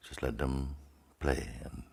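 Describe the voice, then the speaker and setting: A man as a spiritual teacher leading a guided meditation in slow, sparse phrases with long pauses. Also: very deep voice, fairly even intonation, creaky, darkish tone, breathy edge.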